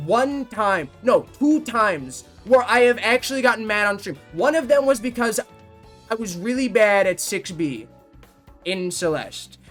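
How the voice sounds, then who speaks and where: A man of about nineteen, a livestreamer chatting casually with his viewers, rambling and swearing, quick to fake outrage. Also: high voice, fairly bright tone.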